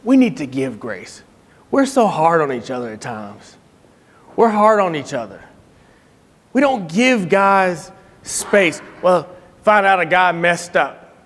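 Middle-aged guy preaching, high voice, lively storytelling, big hall echo. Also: slow, pauses often. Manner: animated, acts out quotes, laughs often. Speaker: speaker giving a tribute. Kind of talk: sermon-style storytelling.

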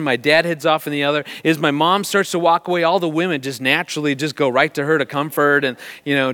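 A middle-aged man telling a family story to an audience, animated and self-deprecating, laughing often. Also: on the high side. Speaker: speaker on marriage.

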